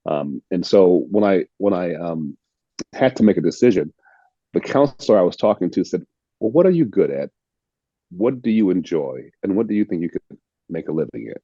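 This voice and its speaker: An older man from the United States, an actor being interviewed, telling stories in a reflective, unhurried way and repeating words as he restarts. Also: low voice, animated, warm tone, dry recording, lo-fi sound. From United States (Illinois). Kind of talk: casual storytelling interview.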